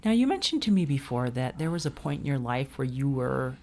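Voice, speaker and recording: A woman hosting a podcast who gently prompts her guest with questions. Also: very deep voice, sing-song, fairly quick. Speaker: podcast host. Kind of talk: interview questions.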